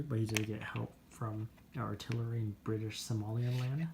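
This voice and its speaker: A man talks through his board game turn at an even, mid-range pitch, counting out each move aloud in a steady, methodical way. Faint room ambience sits behind his voice. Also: brisk, few pauses, background noise. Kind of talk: casual tabletop game commentary.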